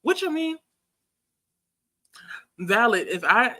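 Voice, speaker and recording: A woman hosts a casual livestream, with a bright, forceful voice. She talks in a loose, chatty way, reads viewer comments aloud and laughs easily between thoughts. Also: fairly high pitch, big pitch swings, slow. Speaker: livestream host.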